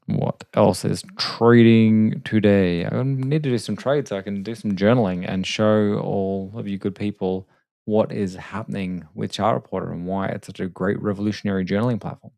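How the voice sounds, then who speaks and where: A man hosting a live trading stream late at night, talking quietly and casually with self-deprecating asides. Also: on the low side, steady tone, normal speed, gravelly, dry recording. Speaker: trading livestream host. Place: home desk at night. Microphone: desk microphone.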